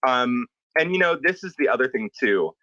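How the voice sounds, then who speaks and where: A man, a tattoo artist, chatting casually and telling an animated story with quoted dialogue. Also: medium pitch, normal speed, dry recording, muffled recording. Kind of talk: casual chat.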